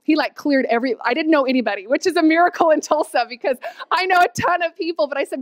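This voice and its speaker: A woman, telling her personal testimony in an animated, storytelling way. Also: high-pitched, fast talker, dry recording, studio quality. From Oklahoma, USA. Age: 30s. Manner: animated storytelling, quotes herself with squeals and laughs.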